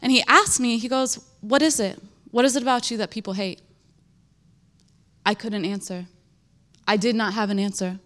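Animated young woman giving testimony. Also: a little high, moderate pace, pauses often. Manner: emotional, animated storytelling with laughter and emphatic repetition. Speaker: speaker sharing a testimony. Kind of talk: testimony in church.

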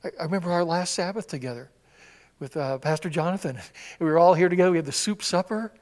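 A man preaching a sermon in a church, acting out scripture quotes with sudden swings from loud cries to hushed whispers. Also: high-pitched, quick pace, big-room sound. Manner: animated, acts out quotes with swings from shouts to whispers. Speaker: pastor. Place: church sanctuary.

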